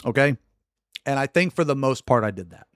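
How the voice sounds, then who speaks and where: A man's voice: mid-range voice, animated, a little fast, clear, resonant tone, no room sound, clean studio sound. A man streaming live, ranting angrily with heavy profanity and hammering the same points over and over. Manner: angry, profane, emphatic repetition. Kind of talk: livestream rant.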